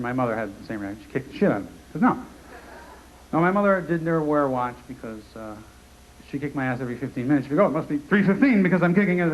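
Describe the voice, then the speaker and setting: A man in his forties from Connecticut doing a stand-up comedy routine, sardonic and rapid-fire, full of asides. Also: a little high, poor audio. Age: 40s. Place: theater stage in front of a live audience. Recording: live concert recording with audience noise.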